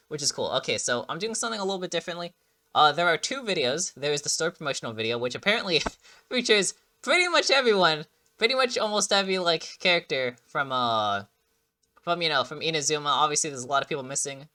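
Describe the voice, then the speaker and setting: A man casually chatting through a game trailer reaction, excitable and rambling with lots of fillers and restarts, sounding like he just woke up. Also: a little high, fast talker.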